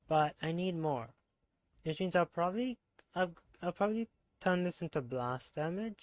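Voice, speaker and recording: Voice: medium pitch, no room sound. A streamer chatting casually while gaming, thinking aloud with fillers.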